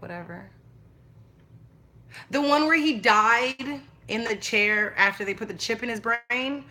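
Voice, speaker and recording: A woman's voice: medium pitch, bright, forceful tone. Chatty, blunt woman vlogging. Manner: chatty, blunt, swears freely. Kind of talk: casual livestream chat.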